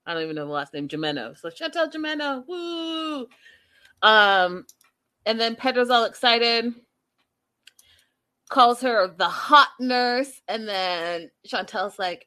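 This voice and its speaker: A young woman recaps a reality show in a casual, gossipy, animated chat, laughing often and speaking directly to her viewers. Her voice is fairly high and clean-toned, and she takes it slowly.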